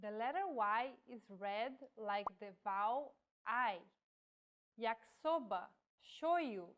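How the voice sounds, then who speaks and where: A woman reads a scripted language lesson at an unhurried pace. Her voice sits a little high, and she pronounces each example word carefully and on its own. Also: clean tone. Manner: slow, careful, demonstrating example words. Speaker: language teacher.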